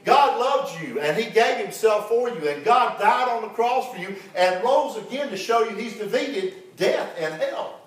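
A man's voice: sits high, lively intonation, normal speed, hardly any pauses. Pastor guy preaching, folksy stories, big echoey church sound. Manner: preaching with call-and-response, folksy storytelling. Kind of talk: sermon. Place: church sanctuary. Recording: very echoey church, mic far off.

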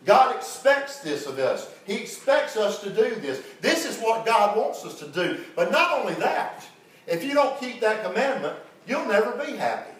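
A pastor with a high, sing-song voice preaches at normal speed in a church sanctuary, having the congregation repeat after him and telling folksy stories. The church is very echoey and the mic sits far away.

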